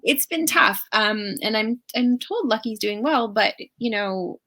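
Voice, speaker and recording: A woman author chatting as an interview guest, an animated storyteller who laughs often. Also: a little high, measured pace. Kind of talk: casual interview chat.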